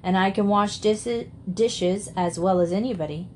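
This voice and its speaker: A woman's voice: mid-range voice, moderate pace, darkish tone, slight background noise, lightly acted. A woman reading the part of a sheltered nine-year-old girl who speaks earnestly and with careful dignity, in a storybook reading.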